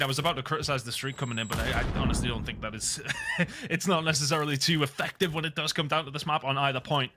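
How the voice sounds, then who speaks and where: A man giving excitable play-by-play commentary on an esports match, rising sharply on big plays. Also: fairly high pitch, background noise. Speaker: esports caster. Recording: loud game gunfire behind.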